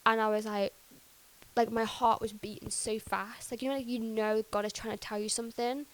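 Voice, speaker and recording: A young woman on a podcast tells the story of her faith, chatting away with plenty of "like" fillers and acting out her earlier words. She sits a little high in pitch with little movement, at a moderate pace. Audio quality is poor.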